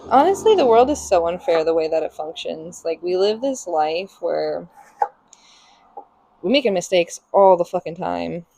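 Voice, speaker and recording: A woman's voice: sing-song, normal speed, gravelly, warm tone, dry recording. A woman chatting casually while cooking breakfast in her home kitchen on a live stream, calling to her cats now and then. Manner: chatty, talks to her cats in a high sing-song baby voice.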